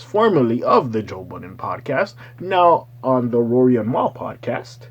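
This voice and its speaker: A man hosting his own channel, giving loose, profane, rambling casual commentary with slangy asides and sudden excited bursts. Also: medium pitch, normal speed, dull audio. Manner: swings into loud excited bursts. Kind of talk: casual pop-culture commentary.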